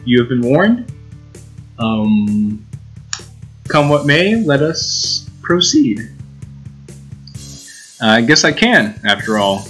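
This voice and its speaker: Young guy reading a visual novel out loud, chatty and giggly, medium voice. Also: mid-range voice, sing-song, slow pace, long pauses, faint music behind, poor audio. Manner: casual, giggly, with restarts and asides. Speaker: let's play host reading a visual novel. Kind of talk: reading game text aloud with commentary.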